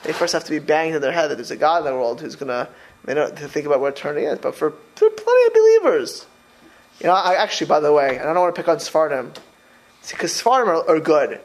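A man's voice: a little high, racing. A man giving an informal religious talk to a small group. He rambles with many restarts and mixes Hebrew and Yiddish terms into his speech. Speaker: religious teacher.

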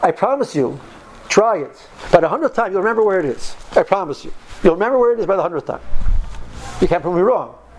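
Man in his 50s, high voice, earnest storyteller, repeats himself for emphasis, faint background hiss. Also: lively intonation, fast talker, poor audio. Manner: earnest, drives points home by repeating phrases. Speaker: speaker recounting yeshiva study. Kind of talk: casual storytelling talk.

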